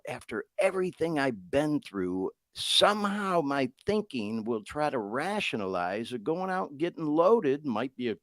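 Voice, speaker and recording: A middle-aged man talks to his podcast audience in a loose, unscripted way, swearing freely and speaking plainly. His pitch rises and falls a lot as he talks. The sound is dry and close, with no room echo. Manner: candid and profane, talks straight to listeners. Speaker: podcast host. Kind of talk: casual podcast monologue.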